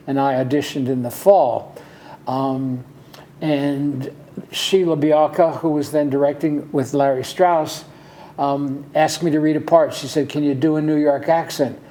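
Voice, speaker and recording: An older man, a guest in a casual interview, telling relaxed stories about his life with an easy chuckle. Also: on the high side.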